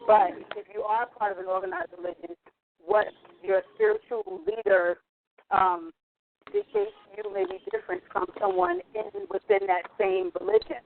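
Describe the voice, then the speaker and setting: A podcast co-host explaining a point in a measured way, pausing often on fillers. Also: mid-range voice, sing-song, gravelly. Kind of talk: casual podcast talk. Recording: tinny phone-like audio with faint hiss.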